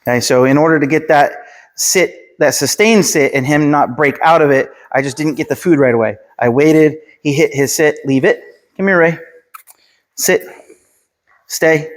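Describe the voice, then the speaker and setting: A man working as a dog trainer, calmly explaining his methods and giving short commands and praise to a dog. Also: on the high side, normal speed. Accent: Pennsylvania. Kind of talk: instructional dog training video.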